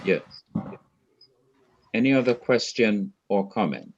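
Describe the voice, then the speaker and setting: Patient low-voiced man teaching Hebrew. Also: animated, lo-fi sound, slight background noise. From Jamaica. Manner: slow, patient, repeats points. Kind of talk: online class lecture.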